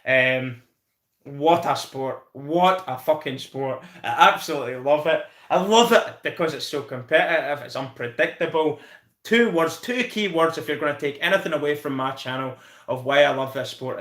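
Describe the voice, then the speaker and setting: A Scottish man hosting a live stream, chatting in a rambling, excitable way and swearing freely. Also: medium pitch, a little fast, roomy sound. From Scotland. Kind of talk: casual live-stream chat.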